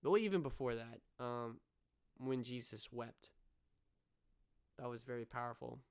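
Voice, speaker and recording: A young man talks through a show's episodes on his podcast in a casual, earnest way, full of ums and restarts as he retells the scenes. His voice is very smooth and clean, sitting at an ordinary middle pitch. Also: unhurried. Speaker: podcast co-host. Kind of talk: casual show review.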